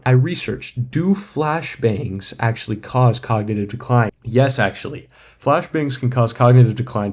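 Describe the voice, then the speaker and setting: A man hosting a casual comedy vlog, spinning a tongue-in-cheek theory in a deadpan, mock-serious way. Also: medium pitch. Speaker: sports comedy creator.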